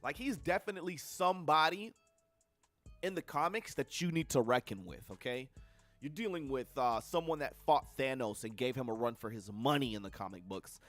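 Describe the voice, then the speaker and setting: A man's voice: mid-range voice, normal speed, dry recording, soft background music. A young man giving a casual, profane film review on a livestream, blunt and full of slangy asides. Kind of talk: casual movie review rant.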